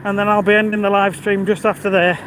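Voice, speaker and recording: A man's voice: sits high, little pitch movement, fast talker, fairly bright tone, poor audio. A man, chatting on a live stream while walking outdoors and reading out viewer comments. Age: 50s. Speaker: vlogger. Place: outdoors by a busy road in the evening. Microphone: phone held while walking. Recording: outdoor phone recording with traffic noise.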